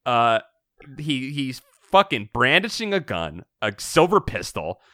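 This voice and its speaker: A man's voice: medium pitch, unhurried, no echo, studio quality. A man co-hosting a casual podcast, recapping a book with laughter and frequent swearing. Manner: animated, laughing, swears freely. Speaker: podcast co-host.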